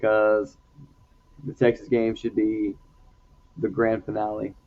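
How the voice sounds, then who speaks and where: A man's voice: on the low side, monotone, slow pace, gravelly, narrow, tinny audio. Chatty man making football picks. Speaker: podcast co-host. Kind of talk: casual sports chat.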